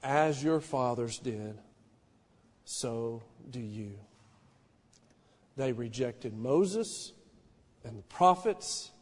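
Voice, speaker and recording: A man preaching a sermon in a small church, impassioned, swinging from hushed to loud. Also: mid-range voice, expressive, extremely slow, pauses often, big-room sound. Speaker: pastor.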